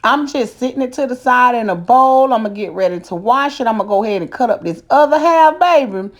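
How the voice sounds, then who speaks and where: A woman's voice: fairly high pitch, expressive, fairly quick. A middle-aged woman hosting a casual cooking vlog, folksy and chatty, calling her viewers honey and baby. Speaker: cooking channel host.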